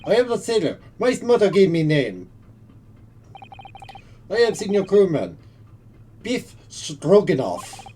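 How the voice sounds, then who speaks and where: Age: adult. Figure: streamer doing a gruff Russian sailor guard. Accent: Russian. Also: medium pitch, very animated, slow, long pauses, slight background noise, pitched above the performer's own voice. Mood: boastful. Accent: put-on Russian. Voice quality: broken English, clipped and loud. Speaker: game character. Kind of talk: solo voice acting of a game playthrough.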